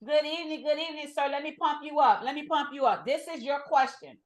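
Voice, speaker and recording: A woman's voice: high voice, fast talker. A woman teaching a trading class with energy, repeating her points and speaking straight to the group. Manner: emphatic, repeats points, addresses the group as y'all. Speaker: trading instructor.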